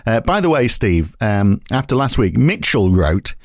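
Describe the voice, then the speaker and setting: A man's voice: fairly low pitch, big pitch swings, unhurried, dry recording, studio quality. A man hosting a podcast in a casual, jokey way, with many fillers. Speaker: podcast host.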